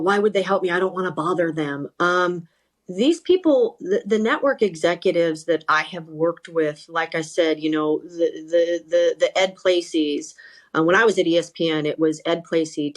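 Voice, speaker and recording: A middle-aged woman, a sideline reporter, telling stories in a podcast interview, animated and full of restarts. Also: on the low side. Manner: animated, self-correcting, lots of repeated starts. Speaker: sideline reporter and talent coach.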